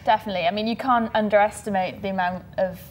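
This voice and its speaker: A woman's voice: medium pitch, fairly even intonation, fast, a little hiss or hum. A young woman presenting a student show, reading links and chatting upbeat with her co-host. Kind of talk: scripted presenting and casual chat.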